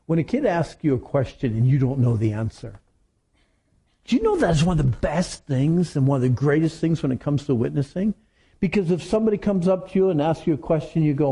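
A middle-aged man preaching a sermon to teenagers, telling stories in an animated way. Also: on the high side, a little fast, breathy edge. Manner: animated storytelling with acted quotes. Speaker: youth preacher.

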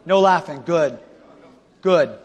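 A male pastor preaching a revival sermon with an altar call, swinging from loud shouting to hushed pleading. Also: on the high side, lively intonation, slow, slightly rough, muffled recording. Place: large church auditorium. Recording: long hall reverb.

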